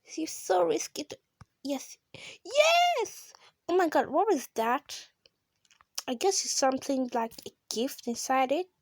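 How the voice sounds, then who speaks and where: A woman with giving casual, excitable commentary while playing a mobile game, gasping and shrieking at close calls. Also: sits high, moderate pace, creaky, no room sound. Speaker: gamer.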